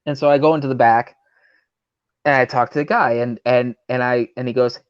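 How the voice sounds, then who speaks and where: A man's voice: mid-range voice, expressive, a little fast, lo-fi sound. A man who works as a pro wrestler, guesting on a talk show and telling a rambling, profane story full of fillers while acting out the people he quotes. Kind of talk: casual storytelling over drinks.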